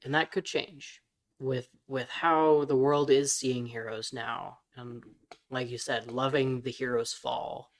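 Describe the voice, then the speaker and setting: A man's voice: mid-range voice, slow. A young man co-hosting a podcast, speaking hesitantly with frequent ums in casual chat. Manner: hesitant, many ums, relaxed. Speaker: podcast co-host.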